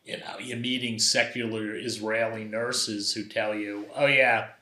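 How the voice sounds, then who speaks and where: An older man from Brooklyn, sitting as a guest and spinning personal stories with animated energy. His voice sits fairly low and comes through forceful and bright. The room adds a noticeable echo around him. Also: unhurried. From Brooklyn, New York. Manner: animated anecdotal storyteller, acts out quoted voices. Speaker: guest, documentary photographer. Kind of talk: conversational storytelling. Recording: roomy echo.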